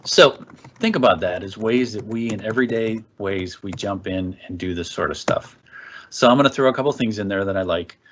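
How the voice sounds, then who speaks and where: Husky low-voiced man leading a workshop. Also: a little fast, fairly bright tone, muffled recording. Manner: conversational, keeps checking in with "okay?". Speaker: parenting workshop trainer. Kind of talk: casual training presentation.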